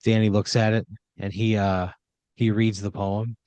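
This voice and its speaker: A man narrating an improvised comedy story as game master, deadpan and laid-back with lots of filler words. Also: fairly low pitch, measured pace, dry recording, muffled recording.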